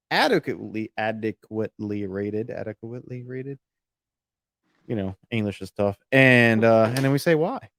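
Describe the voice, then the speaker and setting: A man's voice: mid-range voice, no room sound. A man hosting an outdoors podcast in a rambling, jokey way. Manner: rambling, jokey, self-interrupting. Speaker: podcast host. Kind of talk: casual podcast chat.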